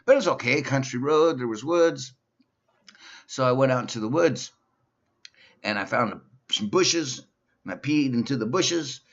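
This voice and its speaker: A man's voice: medium pitch, expressive, vocal fry. Guy doing stand-up as a dim simple fella, voice all over the place, muffled lo-fi sound. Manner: slow, simple-minded persona telling silly stories. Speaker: comedian. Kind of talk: stand-up comedy monologue. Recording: dull lo-fi recording.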